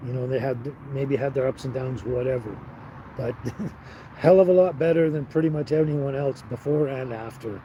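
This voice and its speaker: A man's voice: mid-range voice, normal speed, warm tone, slight background noise, rough recording. Man rambling on a live stream. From Canada. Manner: rambling, talks to chat viewers by name. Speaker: livestream host. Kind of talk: casual live-stream chat.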